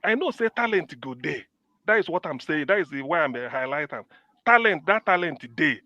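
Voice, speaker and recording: A man's voice: fairly high pitch, lively intonation, fairly quick, sharp tone, no room sound, dull audio. A man from Anambra with a Nigerian accent, debating politics in an emphatic way and repeating himself to drive his points home. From Nigeria, Anambra State. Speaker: political commentator. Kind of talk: casual political debate in Nigerian Pidgin and English.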